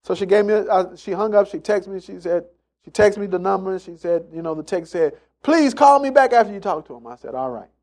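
High-voiced emphatic male preacher. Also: animated, brisk, darkish tone. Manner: emphatic, repeats phrases, acts out quotes in story. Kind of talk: sermon.

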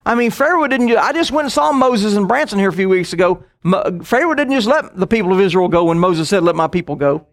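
Casting: middle-aged male preacher, high-pitched, storytelling sermon with quick asides. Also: expressive.

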